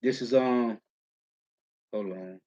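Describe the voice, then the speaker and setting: A man preaching in a slangy, emphatic way, keeping up a steady "man" as he reads and comments on scripture verses. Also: mid-range voice, takes it slowly. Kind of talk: street-style scripture teaching, reading verses. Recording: muffled lo-fi audio.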